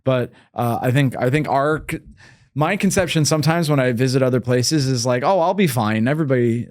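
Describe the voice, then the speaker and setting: A man's voice: medium pitch, a little fast, a little mellow, no room sound, studio quality. A man in his thirties from the United States, hosting a podcast and telling stories in a rambling, casual way on a podcast mic. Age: 30s. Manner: rambling, many fillers and restarts. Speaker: podcast host. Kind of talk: casual chat.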